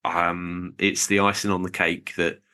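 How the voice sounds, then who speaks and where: A man's voice: deep voice, level tone, unhurried, pushed and bright, clear, resonant tone. A man co-hosting a podcast, chatting in a jokey, rambling way while reading out supporters. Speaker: podcast co-host. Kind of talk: casual podcast chat.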